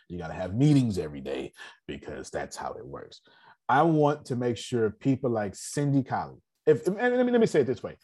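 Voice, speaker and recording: A man's voice: on the low side, dark tone, breathy edge. A man hosting an online business meeting, giving a casual motivational talk, repeating himself and often checking that listeners understand.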